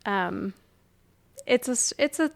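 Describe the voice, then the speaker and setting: A woman co-hosting a podcast in casual chat, soft-spoken and laughing often. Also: on the high side, lively intonation, takes it slowly. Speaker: podcast co-host.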